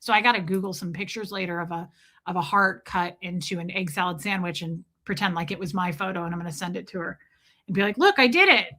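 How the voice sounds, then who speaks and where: A woman streamer telling a casual story, animated and exasperated, swearing freely with comic asides. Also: fairly low pitch, quick pace.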